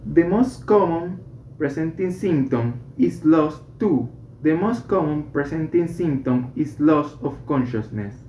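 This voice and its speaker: A student slowly reading a medical English textbook aloud, correcting small slips along the way. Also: medium pitch, lively intonation, warm tone, a little hiss or hum. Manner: slow, careful reading with self-corrections. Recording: roomy, slightly dull home recording.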